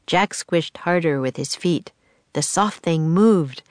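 Brief: woman with a lower voice, measured expressive storybook narration, dry close recording. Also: no room sound. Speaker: audiobook narrator.

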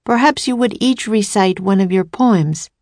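A woman voicing a gentle, wise older male poet who speaks in a calm, measured way. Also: medium pitch, no echo, lightly acted.

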